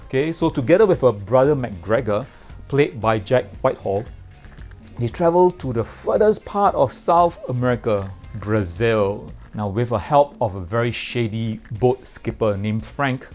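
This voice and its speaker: A man's voice: mid-range voice, lively intonation, a little slow, a little mellow, soft background music. Playful male film reviewer. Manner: playful, repeats words for comic emphasis. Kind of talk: casual spoken film review.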